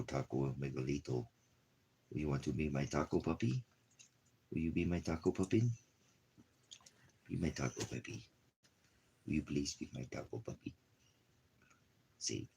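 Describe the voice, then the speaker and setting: A man's voice: extremely low pitch, gravelly, husky. A man on a casual live stream, talking to his puppy in rambling, playful, affectionate baby talk.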